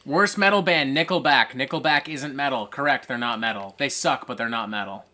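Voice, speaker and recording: A streamer hosting a casual live gameplay stream, swearing a lot, breaking into excitable rants and reading viewer chat aloud. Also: medium pitch, a little fast. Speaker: streamer host.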